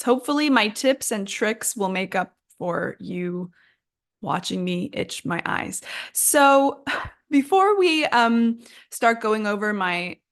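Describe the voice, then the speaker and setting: Young female English teacher, podcast host; slow, patient, chatty and self-mocking. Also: mid-range voice, a bit bright. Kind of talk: casual podcast lesson.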